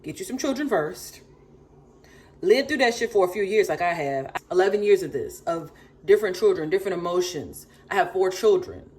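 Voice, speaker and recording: Emphatic sassy mom of four in her thirties, slightly low voice, ranting at commenters. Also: darkish tone. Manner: emphatic, sassy, repeats for stress. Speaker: vlogger, mother of four. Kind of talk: ranting to camera.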